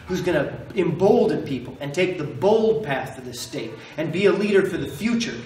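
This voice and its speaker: A man on the campaign trail speaks with emphatic, repeated phrases and a fairly high voice. He is recorded from across an echoey meeting room, with faint room noise behind him. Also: animated, moderate pace, darkish tone, recorded from a distance. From Maine. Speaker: political candidate. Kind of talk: campaign stump speech.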